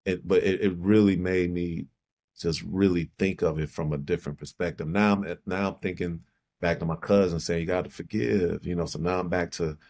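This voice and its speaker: A very deep-voiced middle-aged man from Chicago, guesting on a podcast. He speaks in a reflective, halting manner and circles back to repeat key phrases. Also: steady tone, darkish tone. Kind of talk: personal storytelling in conversation.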